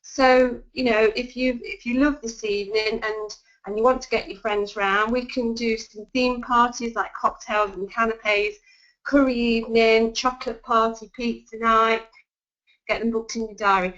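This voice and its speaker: A woman's voice: fairly high pitch, fairly even intonation, normal speed, a bit bright. A woman giving sales tips in a webinar, chatty and full of ums and restarts. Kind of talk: webinar talk. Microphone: video call. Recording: dull lo-fi web call audio.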